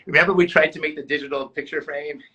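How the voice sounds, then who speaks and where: A man interviewing a guest, asking casual, halting questions full of fillers. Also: fairly high pitch, fairly even intonation, bright, forceful tone, breathy edge, poor audio. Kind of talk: conversational interview.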